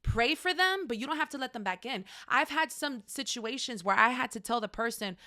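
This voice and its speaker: A woman's voice: a little high, animated, fairly quick, pushed and bright, dry recording, clean studio sound. A woman teaching a faith-based class in a frank, conversational way, speaking straight to her listeners. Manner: acts out quoted voices.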